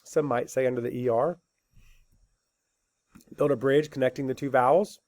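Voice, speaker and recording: A man teaching a spelling lesson, dictating words slowly letter by letter and asking and answering his own questions patiently. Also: medium pitch, fairly even intonation, darkish tone, no echo. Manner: slow, deliberate letter-by-letter dictation.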